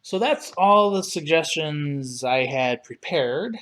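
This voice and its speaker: A man hosting a casual livestream, talking in an unhurried, relaxed way as he browses and reads things aloud. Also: on the high side. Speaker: livestream host reviewing collectible figures.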